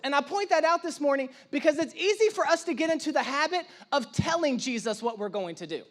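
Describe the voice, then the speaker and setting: A young man with an unusually high voice for a man preaches in church. He tells stories with humor and energy, and he slips into the voices of the people he quotes. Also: brisk, few pauses. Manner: animated, acts out quoted voices, self-deprecating humor. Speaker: pastor. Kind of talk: sermon with storytelling.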